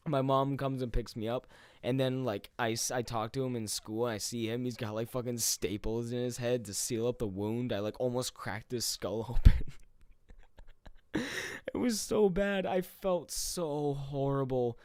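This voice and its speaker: A man's voice: mid-range voice, level tone, normal speed, darkish tone, smooth, dry recording. Laid-back profane young man telling a story. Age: 20s. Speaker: gaming YouTuber. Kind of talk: casual storytelling to viewers.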